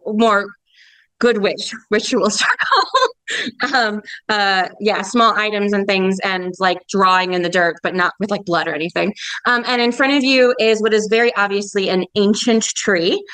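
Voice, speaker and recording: A woman's voice: mid-range voice, normal speed, sharp tone, smooth, no room sound, poor audio. A woman narrating a tabletop game as game master, chatty with many fillers.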